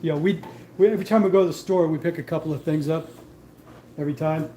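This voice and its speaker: A man's voice: on the high side, fast talker, mellow. A man co-hosting a casual livestream from home, loose and profane, laughing often. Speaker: livestream co-host. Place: home, garage area. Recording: echoey room with faint noise.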